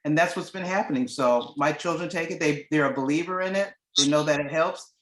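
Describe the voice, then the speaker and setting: A woman's voice: low voice, a little fast. A middle-aged woman sharing a personal testimonial in a rambling way, restarting often and acting out the dialogue she quotes. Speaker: guest giving a testimonial. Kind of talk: casual storytelling. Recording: echoey room sound.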